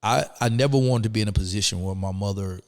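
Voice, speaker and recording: Low-voiced man telling his story. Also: quick pace, in a large hall. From Atlanta, Georgia. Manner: animated, emphatic, fills talk with "man" and "you know what I'm saying". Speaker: interview guest. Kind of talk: conversational storytelling.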